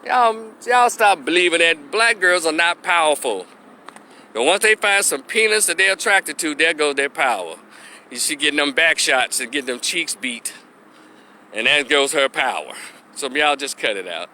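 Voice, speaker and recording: A man's voice: fairly high pitch, lively intonation, moderate pace, bright, forceful tone, a little hiss or hum. A man delivering a blunt, profane, mocking rant outdoors as an opinion vlogger. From Memphis, Tennessee. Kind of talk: unscripted rant.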